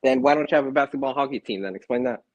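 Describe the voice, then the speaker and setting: A man's voice: medium pitch, rapid-fire, no room sound. Young man snapping back, dull dry sound. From Minnesota. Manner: defensive, snappy comebacks. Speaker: podcast co-host. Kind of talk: heated sports banter.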